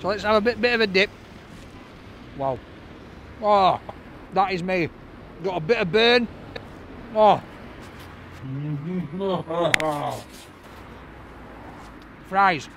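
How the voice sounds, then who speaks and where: A man's voice: high voice, animated, drawn-out words, creaky, pauses often, background noise. A man reviewing takeaway food in a casual vlog, chatty and cheerful, laughing often.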